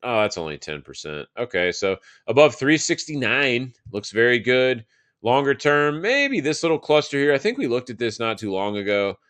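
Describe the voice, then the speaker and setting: A man's voice: medium pitch, big pitch swings, normal speed, fairly bright tone, no room sound. A man in his thirties from Texas hosting a live market show, chatting casually and thinking aloud over charts, loose and profane with plenty of fillers. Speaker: market analysis host.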